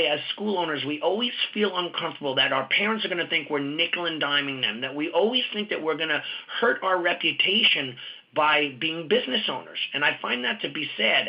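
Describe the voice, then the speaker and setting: A man speaks in an audio interview, warming into stories and acting out what other people said. His voice sits a little high, and the sound is dull and muffled, like an older low-fidelity recording. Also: vocal fry. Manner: animated storyteller, acts out quoted dialogue. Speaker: martial arts school owner and business coach.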